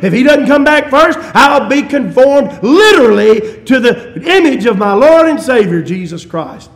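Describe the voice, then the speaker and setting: A man preaching a sermon in a church, moving from shouted peaks to low hushed asides, with chuckles and folksy humor between his points. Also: animated, unhurried, few pauses.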